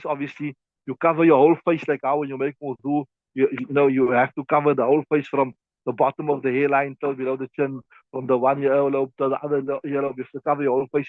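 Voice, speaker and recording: A man's voice: fairly high pitch, no room sound. Man teaching a class over tinny audio. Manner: repetitive, demonstrating with his hands. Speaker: teacher of Islamic law. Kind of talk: classroom lesson explaining a text. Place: class also streamed online.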